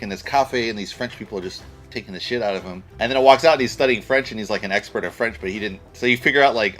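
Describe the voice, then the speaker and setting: A man's voice: lowish voice, a bit bright. A man giving a casual spoken film review, blunt and rambling, with casual swearing. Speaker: movie reviewer.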